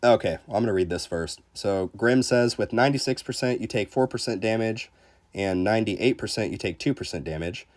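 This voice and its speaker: A man with a fairly low voice talks fairly quickly while hosting a casual game livestream. He reads viewer comments aloud in a relaxed, joking manner, often restarting his sentences.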